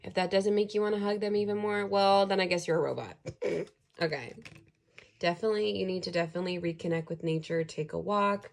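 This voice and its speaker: A woman's voice: fairly low pitch, fairly even intonation, a little fast, vocal fry. A woman giving a casual pick-a-card tarot reading, chatty and earnest, reading card texts aloud and adding her own thoughts. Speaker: tarot reader.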